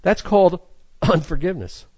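A man's voice: high voice, lively intonation, moderate pace, dry recording, dull audio. A man preaching a sermon, reading scripture aloud in an earnest way with frequent restarts. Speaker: pastor.

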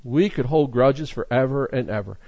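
A man's voice: mid-range voice, normal speed, mellow, no echo, dull audio. A man preaching a sermon, reading scripture aloud in an earnest way with frequent restarts. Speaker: pastor.

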